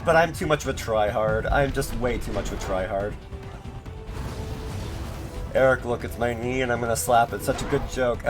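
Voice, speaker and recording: A man's voice: mid-range voice, moderate pace, pauses often. A man streaming gameplay, chatting in a sarcastic, joking way with rambling asides. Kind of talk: live gameplay commentary. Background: game music.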